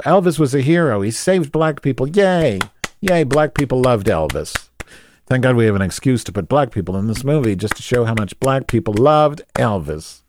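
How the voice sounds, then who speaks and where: A man's voice: lowish voice, a little mellow, no echo, clean studio sound. A man telling a rambling comic story, crude and sarcastic, often going off on tangents.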